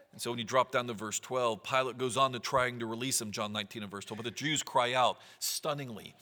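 Male preacher, earnest sermon delivery, sharp bright tone, long hall reverb. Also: mid-range voice. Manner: earnest, reads scripture aloud with rising emphasis.

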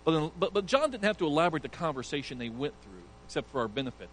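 A man's voice: a little high, big pitch swings, racing, a bit bright, slight background noise, rough recording. A male pastor preaching an earnest sermon, emphatic and sometimes stumbling over restarts.

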